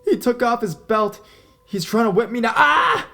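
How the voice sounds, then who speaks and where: A man's voice: expressive, slow, slightly rough, exaggerated voice. A man voicing a young female prank caller in a raised, girlish voice. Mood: panicked. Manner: pleading then mocking, high girlish voice.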